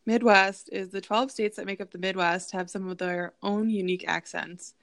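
A young woman from southern Minnesota co-hosts a relaxed, casual chat. Her voice has a gravelly fry at the ends of phrases. She reads survey results aloud in an easy, chatty way. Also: mid-range voice, normal speed. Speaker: podcast co-host.

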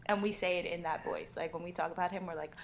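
A woman's voice: lowish voice, fairly even intonation, quick pace. Woman co-host telling stories, faint hiss. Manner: storytelling, mimics voices for comic effect. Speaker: podcast co-host. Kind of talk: casual chat.

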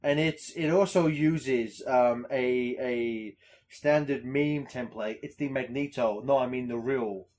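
A man's voice: mid-range voice, slow pace, darkish tone. A man co-hosting a podcast in casual chat, rambling, swearing and laughing often. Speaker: podcast co-host.

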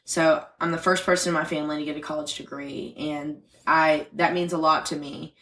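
A woman's voice: low-pitched, flat delivery, brisk, fairly bright tone. A young adult woman co-hosting a podcast, chatting earnestly and laughing often. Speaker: podcast co-host. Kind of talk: casual chat.

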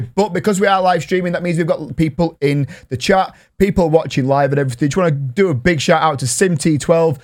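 A man with a Yorkshire accent, chatty and quick to laugh, hosting a live-streamed podcast. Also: fairly high pitch. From Yorkshire, England. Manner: chatty, laughs often, reads out shout-outs. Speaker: podcast host.

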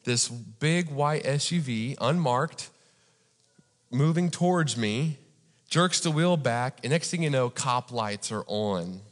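A pastor from Indiana gives a sermon, telling a story in a chatty way and often asking the crowd "right?". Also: male voice, mid-range voice, animated, takes it slowly. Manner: conversational, repeats "right?" for the audience. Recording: long hall reverb.

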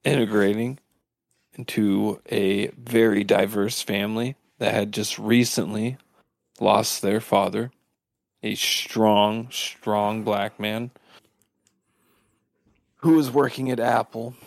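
A man on a casual podcast talks slowly and haltingly, pausing on fillers and breaking into laughter. His voice has a gravelly fry to it, and the sound is dry and close with no room echo. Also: lowish voice, steady tone. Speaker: podcast co-host. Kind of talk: casual comedic chat.

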